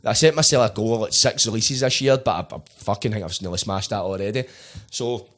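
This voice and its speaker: A Glaswegian man in his late twenties hosts a relaxed podcast chat. He talks at a quick clip and is sweary, blunt and quick to joke. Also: lowish voice. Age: 20s. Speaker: podcast host. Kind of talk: casual chat.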